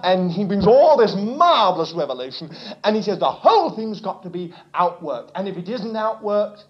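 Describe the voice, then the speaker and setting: A man preaching a sermon, swinging from quiet asides to loud exclamations. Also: a little high, a little hiss or hum. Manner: animated preaching, dropping to near-whispers and rising to exclamations. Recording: muffled lo-fi recording.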